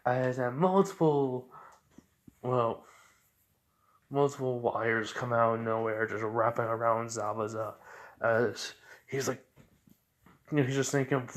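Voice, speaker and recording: A man's voice: medium pitch, steady tone, slow pace, long pauses. Rambling male fan-fiction storyteller. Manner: rambling, many fillers and self-corrections. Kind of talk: improvised fan-fiction retelling.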